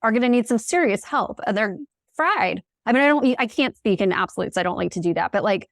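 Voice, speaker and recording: A woman's voice: medium pitch, animated, brisk, vocal fry, no echo, clean studio sound. A woman talking as a podcast guest, fluent and earnest, with frequent "like". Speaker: podcast guest, content creator. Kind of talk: casual conversation.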